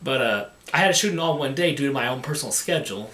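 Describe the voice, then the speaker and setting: A man casually talking about making his own film, halting and often repeating words as he restarts. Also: mid-range voice, expressive, fairly bright tone. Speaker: amateur filmmaker. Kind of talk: casual behind-the-scenes talk. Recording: echoey room, mic at a distance.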